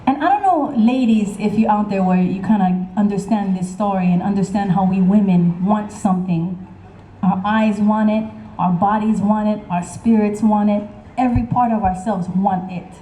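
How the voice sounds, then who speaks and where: Lively woman storyteller, mellow voice, echoey outdoor stage. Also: mid-range voice, moderate pace, lo-fi sound, slight background noise. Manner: lively, chatty, teasing. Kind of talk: live oral storytelling to an audience.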